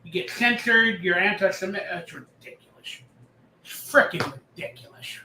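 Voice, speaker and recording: A man's voice: high voice, lively intonation, moderate pace, bright, forceful tone, roomy sound, far from the mic, a little hiss or hum. A man hosting a casual live stream, ranting sarcastically and reading out viewer comments. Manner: ranting, sarcastic, reads chat aloud.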